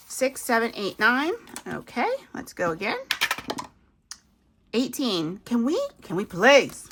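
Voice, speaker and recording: A woman's voice: on the high side, very animated, slow, noisy background. A woman, chatting casually to viewers as she works through a savings challenge, laughing at herself as she goes. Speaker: budgeting video host.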